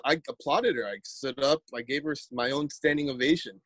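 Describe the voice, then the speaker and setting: A man's voice: mid-range voice, fairly quick, fairly bright tone, no echo. A man, a poet telling a story in a casual interview, rambling and repeating words as he acts out quotes.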